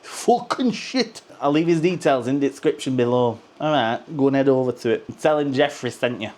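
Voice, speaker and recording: A man's voice: mid-range voice, fairly even intonation, fast, darkish tone. A man, a football fan vlogger ranting to camera in a sweary, sarcastic, rambling way, hot and sweating. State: sweating from the heat. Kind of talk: ranting casual monologue to camera.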